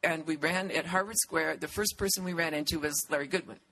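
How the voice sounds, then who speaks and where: A man's voice: fairly high pitch, brisk, vocal fry, pushed and bright, slight background noise, poor audio. A man moderating a public interview, chatty and apologetic, with laughing asides.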